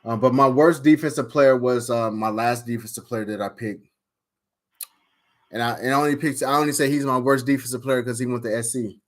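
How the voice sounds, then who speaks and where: A man's voice: medium pitch, brisk. A man casually recapping a fantasy draft, rambling and swearing with lots of fillers and outbursts. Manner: rambling, profane, animated storytelling with frequent fillers. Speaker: fantasy football league member.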